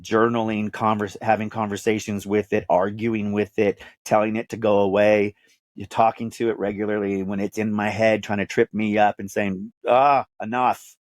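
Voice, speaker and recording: A man's voice: on the low side, monotone, normal speed, dry recording, studio quality. A man in his fifties with a Texan accent, a podcast host being interviewed, telling his life story in an earnest, emphatic way with repeated phrases. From Dallas, Texas. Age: 50s. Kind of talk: candid personal storytelling.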